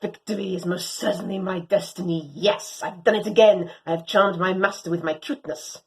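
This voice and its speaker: A woman reading a storybook as an excitable, proud young female Doberman, speaking theatrically in grand old-fashioned phrases. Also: fairly low pitch, normal speed, natural voice, poor audio. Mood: cheerful.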